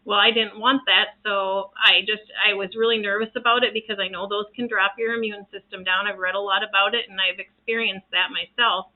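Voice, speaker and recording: A woman's voice: medium pitch, fairly even intonation, brisk, few pauses. Earnest rambling woman, tinny phone-like audio. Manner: earnest, rambling, with many restarts. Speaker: reiki practitioner sharing home remedies. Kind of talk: casual talk to camera.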